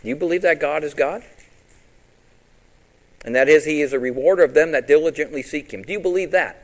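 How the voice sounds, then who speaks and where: A man's voice: a little high, a little fast, poor audio. A man preaching a sermon as pastor, quoting scripture and asking his congregation questions, with big rises and drops for emphasis.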